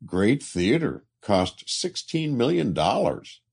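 A man's voice: mid-range voice, very animated, slow, gravelly, darkish tone, slightly rough, voice pushed up, full character voice. A man voicing a chatty, poor Italian immigrant laborer who speaks broken English with an Italian accent. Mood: eager. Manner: broken English, eager and talkative.

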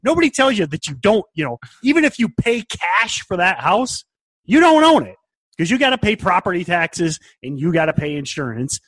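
Animated husky-voiced man co-hosting. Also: sits high, brisk, few pauses, no echo. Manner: animated, laughs often, stammering restarts. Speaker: podcast co-host. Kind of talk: casual chat.

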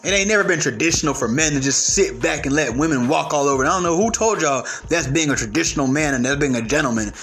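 High-voiced, stuttering man ranting brashly. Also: fast, hardly any pauses, faint music behind. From United States. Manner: brash, profane, animated. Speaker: vlogger. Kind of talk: comic opinion rant.

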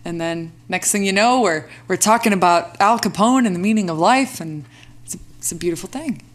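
A woman, a recording artist, chatting casually and animatedly as a podcast guest. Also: mid-range voice. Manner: lively, animated, quick to laugh. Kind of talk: casual chat.

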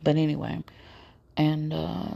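A woman's voice: low-pitched, completely flat delivery, unhurried, creaky, dark tone, highs cut off. A woman hosting her own podcast, telling personal stories in a blunt, profane, casual monologue. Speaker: podcast host.

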